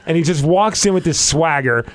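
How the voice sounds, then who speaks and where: A man's voice: on the high side, moderate pace, no room sound. A man hosting a podcast, telling a long anecdote in casual chat, full of filler words and restarts. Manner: animated storyteller, lots of filler words. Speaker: podcast host.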